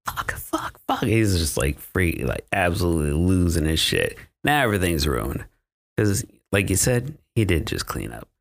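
Deep gravelly man rambling casually. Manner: rambling, profane, laughing often. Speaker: podcast co-host recapping a film. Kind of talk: casual chat.

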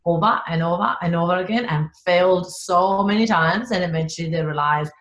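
A woman with an Italian accent, a business coach telling stories in a podcast interview, animated and laughing often. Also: fairly low pitch, a little fast, reverberant. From Italy.

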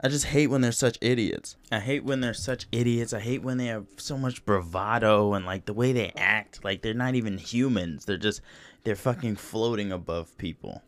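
A man's voice: lowish voice, normal speed. A man hosting a podcast in casual chat, swearing freely and repeating himself as he rambles. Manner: profane, rambling, repeats phrases. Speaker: podcast host.

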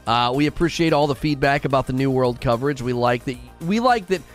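Male stream host, lively pitch, rambling chat, faint background music. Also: brisk. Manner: animated, rambling, repeats himself. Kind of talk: casual live-stream chat.

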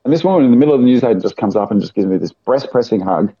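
A man from South Australia with a fairly low, mellow, slightly breathy voice talks rapid-fire and expressively in casual chat. He tells rambling anecdotes, acting out the voices of the people in them. The recording is dry with no echo but has a dull, lo-fi sound.

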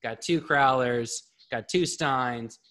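A man hosting a live podcast, talking in a casual, excitable, rambling way and swearing freely. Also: medium pitch, slow. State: a bit out of breath. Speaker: podcast host.

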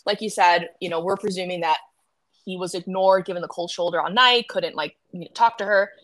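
A woman co-hosting a casual fan recap podcast, excitable, gasping and swearing freely as she talks. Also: on the low side, a little fast. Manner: excitable, swears a lot, gasps often. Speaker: podcast co-host.

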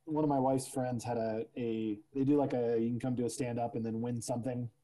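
Very dark-voiced man in loose chat. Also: medium pitch, little pitch movement, fairly quick, low-quality recording. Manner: loose and profane, heavy fillers. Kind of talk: casual chat.

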